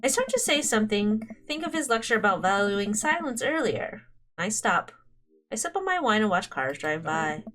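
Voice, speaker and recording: A woman's voice: medium pitch, big pitch swings, normal speed, a bit bright. A young woman streamer reading a dating game aloud, playful and giggly, breaking into commentary. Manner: giggly, playful, frequent laughter. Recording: faint game music behind.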